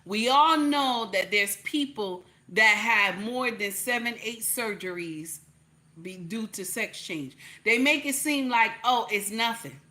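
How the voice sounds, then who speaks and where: A woman with a New Jersey accent delivers a blunt livestream rant in a high, bright, forceful voice. She repeats her points and checks in with "okay?" as she hammers them home with profanity. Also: lively intonation, takes it slowly. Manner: emphatic, repetitive, blunt and profane, keeps asking "okay?". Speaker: online commentator.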